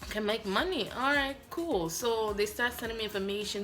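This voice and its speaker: A woman from Africa telling a story in a lively vlog, acting out both sides of her phone calls. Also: a little high, normal speed, hardly any pauses, soft background music. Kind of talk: animated story-time vlog.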